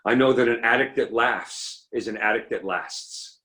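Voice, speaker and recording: Middle-aged male speaker, comic recovery talk, animated delivery that acts out quotes. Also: mid-range voice, moderate pace.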